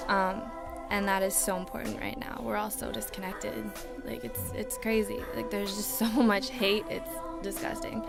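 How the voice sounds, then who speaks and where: A woman's voice: mid-range voice, moderate pace, creaky, hardly any pauses. A young woman, a singer-songwriter, talking casually in an interview with many fillers. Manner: relaxed, chatty, lots of "like" fillers. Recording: music playing underneath.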